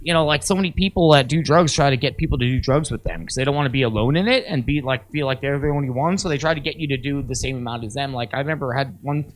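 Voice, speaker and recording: A man's voice: medium pitch, rapid-fire, hardly any pauses. A young man co-hosting a casual podcast chat, talking candidly and swearing, often acting out what other people said. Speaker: podcast co-host.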